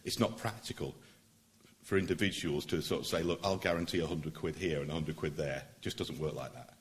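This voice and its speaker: A middle-aged man, a barrister, addressing a public meeting in an earnest, emphatic way that builds to forceful points. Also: rumbling low, fairly quick. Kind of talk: public speech.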